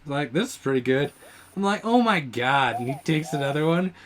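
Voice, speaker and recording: A young man hosting a casual podcast, telling an animated story, acting out quotes loudly and laughing often. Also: a little high, fairly quick, a little hiss or hum. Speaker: podcast host. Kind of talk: casual chat.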